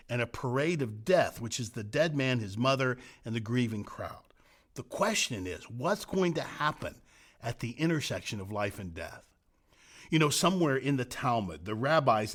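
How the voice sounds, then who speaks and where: Middle-aged male pastor, sermon delivery, earnest and emphatic, lively swinging pitch. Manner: earnest, building emphatic repetitions then dropping to soft hushed phrases. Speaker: senior pastor.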